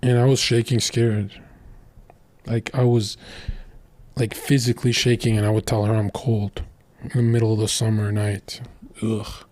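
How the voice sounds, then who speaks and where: A man's voice: fairly low pitch, flat delivery, moderate pace, long pauses, darkish tone, no room sound. A young man telling crude stories in a blunt, boastful casual monologue as a streamer.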